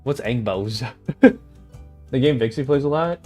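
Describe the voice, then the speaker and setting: A man's voice: mid-range voice, a little fast, darkish tone, soft background music. A man streaming live and chatting casually with viewers, rambling and easily distracted, often laughing. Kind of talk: casual chat with livestream viewers.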